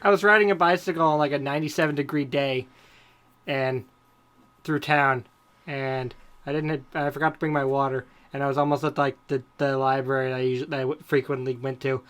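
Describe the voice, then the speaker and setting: A man's voice: medium pitch, little pitch movement, brisk, a bit bright. A man co-hosting a comedic podcast, chatting casually with a wry, teasing manner and frequent laughs. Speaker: podcast co-host.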